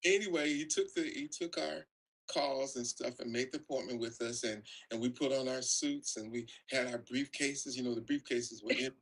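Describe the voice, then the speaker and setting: An older man from Oakland sits as a guest and spins stories about his start in music. His voice is husky and a little breathy, at an everyday middle pitch. He rambles easily, chuckling and leaning on "you know" as he goes. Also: moderate pace, a bit bright, low-quality recording. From Oakland, California. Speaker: music producer and songwriter guest. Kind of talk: casual storytelling interview.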